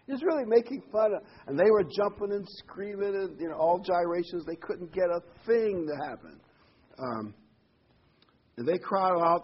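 A man leads a casual Bible study, reading verses aloud and explaining them with lively swings in pitch. His voice is slightly husky, and the recording sounds dull and lo-fi. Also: moderate pace. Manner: animated retelling, voice jumping up when mocking. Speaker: Bible teacher.

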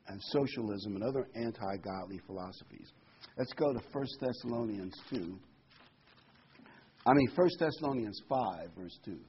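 A middle-aged man preaching a prophecy sermon, reading scripture and repeating phrases for emphasis, his loudness rising and falling. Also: medium pitch, slight background noise. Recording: dull lo-fi sermon recording.

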